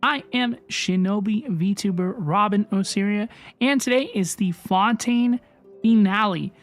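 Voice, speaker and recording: A woman VTuber streaming live, bubbly and excitable as she greets her chat by name. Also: mid-range voice, measured pace, soft background music.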